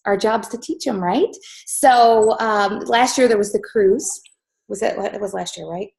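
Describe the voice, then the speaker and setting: A woman co-hosting a business talk, who tells stories to the audience in an animated, chatty way full of fillers. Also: mid-range voice, a little slow, creaky, low-quality recording. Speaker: host. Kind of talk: storytelling to an audience.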